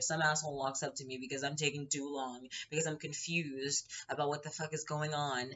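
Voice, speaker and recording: A woman's voice: sits low, a bit bright, lo-fi sound. A woman hosting her own show, retelling a story in a casual, heated and profane way, acting out the quotes. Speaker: podcast host.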